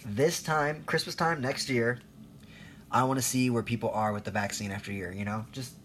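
A low-voiced man in his thirties rants through a loose, profane monologue, sarcastic and rambling as he laughs at his own jokes. A faint hiss of noise sits behind him. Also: fairly bright tone. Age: 30s. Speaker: vlogger. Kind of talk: ranting monologue.

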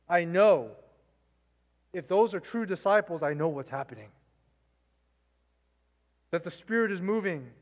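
A male pastor with a high voice preaches a sermon into a mic in a church sanctuary, where a long reverb tail trails his words. He's emphatic, repeats phrases, and poses rhetorical questions to the congregation.

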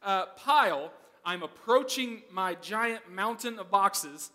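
American guy preaching, bright forceful voice, keeps asking the crowd okay?. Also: sits high, animated, slow. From United States. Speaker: pastor. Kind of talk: sermon.

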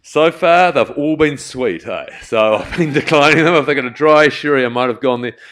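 A man's voice: mid-range voice, moderate pace, fairly bright tone. Chatty New Zealand man telling stories. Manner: chatty, rambling, self-aware asides. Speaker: community charity speaker. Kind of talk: storytelling talk to an audience.

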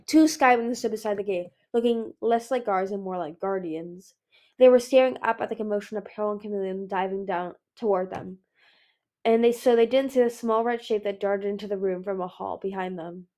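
With a dark, medium-pitched voice and a slightly fast pace, a woman narrates a fantasy novel as an amateur. Her reading is marked by frequent slips, with words stumbled over and restarted now and then.

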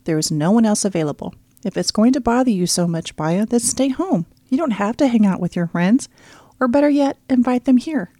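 A woman's voice: a little high, animated, fairly quick, mellow, dry recording, voice pushed up. A woman voicing a firm, protective middle-aged father in an audiobook, speaking in coaxing and stern turns. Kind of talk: audiobook character reading.

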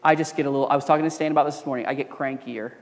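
A young man preaching a sermon as pastor, earnest, moving between emphatic preaching and quiet, confiding storytelling. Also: medium pitch, steady tone, very fast. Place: church sanctuary. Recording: long reverb of a church hall.

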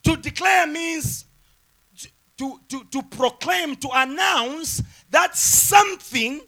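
A pastor preaching a sermon with emphatic repeated phrases, swinging from loud shouted lines down to quiet asides. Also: male voice, extremely high pitch, animated, slow pace.

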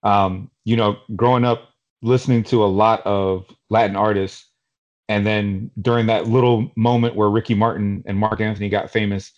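A man from Queens, New York, co-hosting a podcast in casual chat, telling stories in an animated, rambling way with lots of fillers. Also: fairly low pitch, moderate pace, lo-fi sound. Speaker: podcast co-host.

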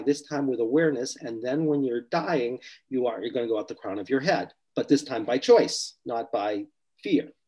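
A man's voice: medium pitch, darkish tone, husky, lo-fi sound. A man working as a spiritual healer, earnestly recounting a client session in conversation and explaining each step. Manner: earnest, explanatory, acts out quoted speech.

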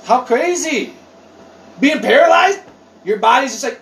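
A man chatting casually on a podcast. He tells rambling stories with lots of swearing and animated outbursts. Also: very high voice, measured pace, pauses often. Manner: animated, profane, rambling storyteller. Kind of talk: casual chat. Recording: roomy echo, distant mic, faint noise.

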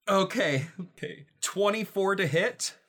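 A player narrating her paladin's attack in an excitable way. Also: medium pitch, slow. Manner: excitable, lively. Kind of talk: casual tabletop play.

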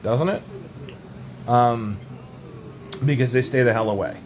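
A young man co-hosting a podcast, telling absurd tall tales in a deadpan, rambling way. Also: mid-range voice, a little slow, noisy background. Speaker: podcast co-host. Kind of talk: absurd comedic banter.

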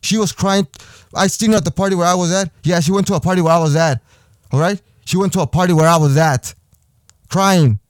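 High-voiced man ranting angrily. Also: steady tone, fast, dry recording, studio quality. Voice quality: profane, heated, repetitive. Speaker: podcast host. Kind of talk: angry personal rant.

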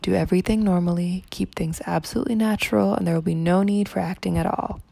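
Woman reading a story out loud, low and kinda gravelly, steady pace, dry close mic. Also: no room sound. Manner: measured, even reading. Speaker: narrator. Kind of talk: storybook narration.

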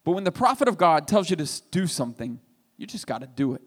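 A man preaching a sermon, retelling a story with animated, emphatic delivery. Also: fairly high pitch, fast. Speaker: pastor. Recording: reverberant hall.

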